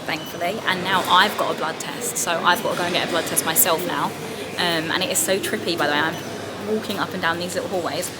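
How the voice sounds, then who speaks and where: A woman's voice: fairly low pitch, fairly even intonation, quick pace, over loud music. A woman, vlogging candidly and chattily about her day as a new mum. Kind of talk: casual vlog chat. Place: car, then hospital hallways. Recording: noisy background.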